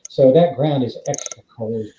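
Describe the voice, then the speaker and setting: Dark-voiced man telling stunt stories. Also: mid-range voice, moderate pace, echoey room, slight background noise, rough recording. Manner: animated anecdote-telling, acts out quoted dialogue. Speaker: guest, former stuntman. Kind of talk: storytelling in a podcast interview.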